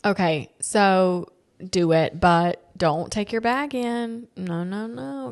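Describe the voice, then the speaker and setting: A woman hosting a family podcast, telling stories in a casual, animated way, quoting people and laughing often. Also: medium pitch, takes it slowly. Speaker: podcast host. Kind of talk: casual chat.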